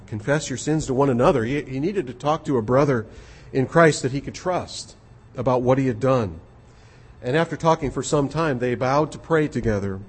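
A man preaching an expository sermon, earnest and measured, often repeating his words. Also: mid-range voice, husky. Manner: earnest, measured, with frequent repetitions.

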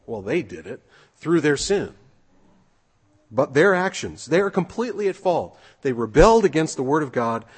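A man's voice: on the high side, sing-song, moderate pace, husky. A man preaching an earnest sermon, reading scripture and asking rhetorical questions.

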